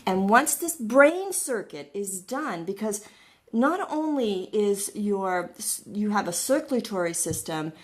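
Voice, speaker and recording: A woman's voice: medium pitch, big pitch swings, slow. A middle-aged woman gives a friendly, explanatory lecture as a wellness educator. She talks casually and fills the lesson with everyday analogies, sometimes acting out little voices to make a point. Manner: chatty, acts out little voices in her analogies.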